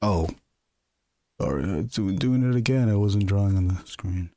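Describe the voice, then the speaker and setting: A man with a fairly low voice rambles along while he works on a drawing for his stream. He keeps talking to himself and asking stray questions aloud. The sound is dry and close, with no room echo. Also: normal speed, warm tone. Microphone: close camera mic.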